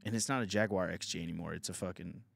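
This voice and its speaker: A man's voice: low-pitched, fast, vocal fry, a bit bright, slight background noise. A man hosting a podcast, telling a crude comedic story in casual talk and laughing often. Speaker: podcast host.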